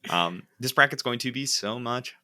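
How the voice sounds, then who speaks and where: A man co-hosting a casual podcast chat, speaking deliberately as he delivers the sign-off and plugs. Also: medium pitch, pushed and bright. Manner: deliberate, wraps up the show with the outro. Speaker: podcast co-host.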